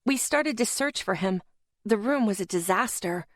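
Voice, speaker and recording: Casting: woman, mid-pitched, first-person audiobook narrator, tense dramatic read, dry close sound. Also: moderate pace, dry recording.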